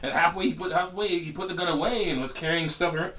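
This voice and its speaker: A young man telling a story in a casual vlog, rambling and laughing often, jumping into high voices for quotes. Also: quick pace, fairly bright tone, slight background noise. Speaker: vlogger. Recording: distant from the mic.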